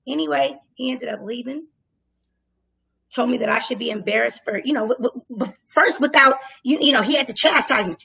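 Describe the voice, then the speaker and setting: Animated, high bright-voiced woman storyteller. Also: fairly quick, vocal fry, breathy edge, rough recording. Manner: animated, profane, acts out her own lines loudly. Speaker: guest telling a story. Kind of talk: casual storytelling.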